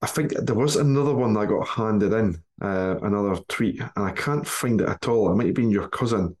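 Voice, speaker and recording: A Scottish man hosting a casual football podcast, jokey and quick to laugh, using broad dialect words. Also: fairly low pitch, a little mellow. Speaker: podcast host.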